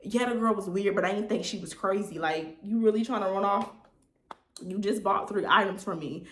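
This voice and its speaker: A young woman telling a lively story to her viewers in a casual chat, calling them y'all. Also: mid-range voice, moderate pace, slight background noise. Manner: animated, chatty, addresses viewers as y'all. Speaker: vlogger telling a story time. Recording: echoey room.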